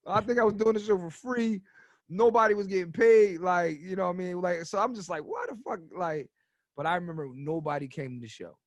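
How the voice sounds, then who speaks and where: A man in his thirties, a stand-up comedian guest on a podcast, telling stories in a rambling, animated way full of filler words. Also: sits high, fairly quick, dry recording. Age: 30s. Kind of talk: casual podcast storytelling.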